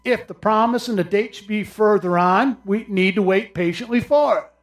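A man with a high-pitched voice preaches with passion. His delivery climbs into loud, raised cries, then drops to low, quiet asides. It sounds like a heartfelt weekly church message. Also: normal speed. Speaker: pastor. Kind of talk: sermon.

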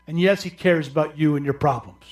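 A male pastor preaching a sermon, swinging from loud, raised cries down to low, quiet murmurs. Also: fairly quick.

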